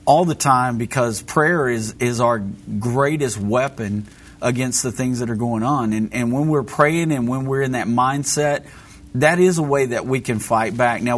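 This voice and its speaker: A man calling into a radio show, speaking earnestly and piously in a rambling way. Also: medium pitch. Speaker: caller.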